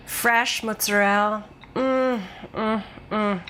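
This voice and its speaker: Female co-host; playful, upbeat, casual chat delivery; middle pitch; faint noise behind. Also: fairly even intonation, slow pace, fairly bright tone. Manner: playful, enthusiastic, given to laughing.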